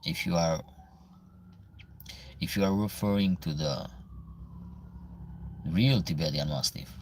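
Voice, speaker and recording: A very deep, gravelly Albanian-accented man hosts a casual livestream. He reads viewer comments aloud and answers them in halting, broken English, with a faint hiss of noise behind him.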